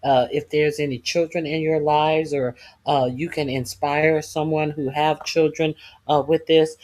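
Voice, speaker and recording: Brief: slow-talking, hesitant male host addressing his viewers. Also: a little high, flat delivery, a little mellow. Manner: halting, filled with many uh's. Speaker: channel host. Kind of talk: slow casual commentary to viewers.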